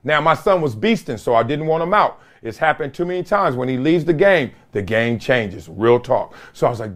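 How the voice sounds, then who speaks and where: A man's voice: medium pitch, animated, normal speed. A middle-aged man hosting a podcast, telling a story in an emphatic, casual way with slang and repeated phrases. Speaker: podcast host. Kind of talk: solo podcast monologue.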